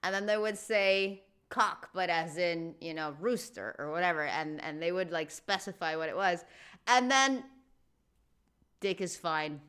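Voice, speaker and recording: A woman's voice: fairly low pitch, a little slow, fairly bright tone, clean tone. A woman hosting a reaction video, chatting casually and animatedly with laughing asides.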